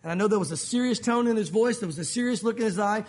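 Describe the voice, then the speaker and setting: A pastor preaches a sermon to his congregation in a high-pitched voice at a racing pace. His delivery is lively and conversational, and he acts out the voices of the people he quotes.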